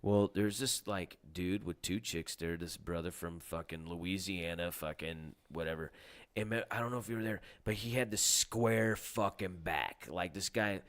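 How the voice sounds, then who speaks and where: A man's voice: low-pitched, normal speed, smooth. A man co-hosting a casual chat show, telling stories with lots of swearing and acting out the people in them. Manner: animated storyteller, swears a lot, acts out quotes loudly. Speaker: podcast co-host, comedian.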